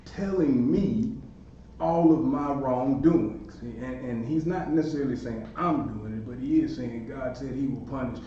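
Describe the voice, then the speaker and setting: A man in his forties hosting a podcast, telling a story in an animated way. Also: medium pitch, a little slow, a little hiss or hum. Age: 40s. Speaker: podcast host. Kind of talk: storytelling monologue. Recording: echoey room from far off, dull lo-fi sound.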